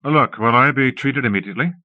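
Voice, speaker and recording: A man's voice: medium pitch, fast talker, no echo, pitched above the performer's own voice, lightly acted. A man reading the part of a frightened middle-aged male doctor who is anxious and pleading, from a dull, dry cassette audiobook.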